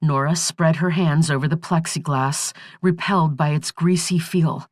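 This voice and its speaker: A woman narrating an audiobook thriller in a slow, measured, steady reading. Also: low voice, no echo, studio quality.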